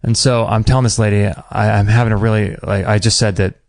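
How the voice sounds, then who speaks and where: A man hosting a podcast, telling a personal story in a casual, animated way and acting out what people said. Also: fairly low pitch, fast, dry recording, studio quality. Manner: animated, acts out quoted dialogue; emotional, near tears at times. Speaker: podcast host.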